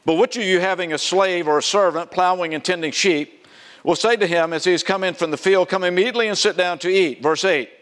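Speaking briskly in a high-pitched voice, this Southern-accented man from South Carolina delivers a sermon as a pastor. His animated style includes quizzing the congregation and performing quoted voices.

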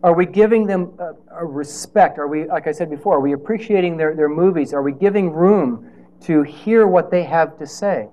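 A man's voice: on the high side, normal speed, warm tone, lo-fi sound. A man preaching a sermon in a conversational way, with rhetorical questions and playful asides.

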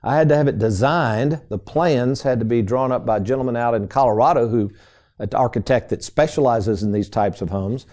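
Folksy chatty man with a mellow voice. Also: medium pitch, fairly quick. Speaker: financial radio show host. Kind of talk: casual storytelling on a radio show.

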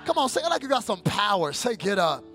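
A male pastor with a very high, bright, ringing voice preaches to a church crowd. He moves from near-whispered storytelling up to shouted exhortations, pulling the congregation into call and response. Faint music plays behind him. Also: big pitch swings, fast talker. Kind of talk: preaching a sermon. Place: church service.

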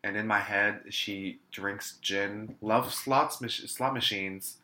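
A man co-hosting a casual podcast, talking in a campy, gossipy way with quick asides. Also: fairly low pitch, bright, forceful tone, echoey room. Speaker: podcast co-host. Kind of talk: casual chat reviewing a drag competition show.

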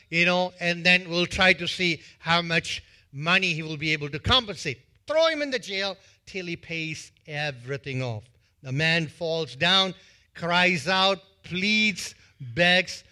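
Male pastor, sermon, bright forceful voice, unhurried, animated storytelling, church. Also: high voice. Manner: animated storytelling that acts out scenes.

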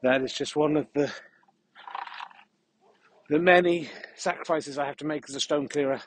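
A man hosting a podcast, talking in a deadpan, mock-serious ramble while walking a dog through the countryside. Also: fairly high pitch, moderate pace, a little hiss or hum, low-quality recording. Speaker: podcast host. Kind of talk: comic rambling monologue on a walk.

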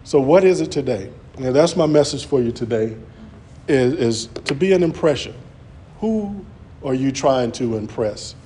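A man's voice: medium pitch, lively intonation, normal speed, mellow, a little hiss or hum. A man preaching an earnest sermon, often restarting his words as he presses his points. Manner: earnest, repetitive, stammering restarts.

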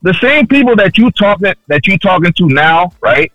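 A man chatting on a podcast, animated and profane, jumping into quoted voices as he tells stories. His voice sits a little higher than most men's. The sound is dry and close, with faint music underneath. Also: normal speed, dry recording, dull audio. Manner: animated storyteller, loud and swearing, acts out quotes. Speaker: podcast co-host. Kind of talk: casual chat.

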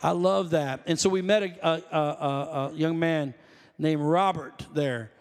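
A male pastor with a high voice preaches to his congregation, drifting into loose stories with restarts and calls for a response. The sound carries a long reverb from the church hall. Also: unhurried. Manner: conversational, rambling storytelling with self-corrections. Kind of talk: sermon.

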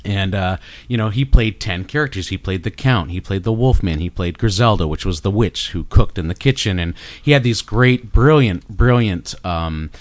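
Rambling Canadian man, low voice. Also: moderate pace, hardly any pauses, no room sound. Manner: rambling, enthusiastic, many fillers and restarts. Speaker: guest artist. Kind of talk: casual interview chat.

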